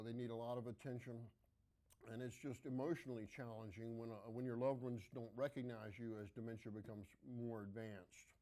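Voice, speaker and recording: Folksy doctor hosting a TV segment. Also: male voice, mid-range voice, mellow. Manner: plain-spoken, folksy, with frequent "uh" fillers. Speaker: physician hosting a health segment. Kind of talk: conversational health talk to camera.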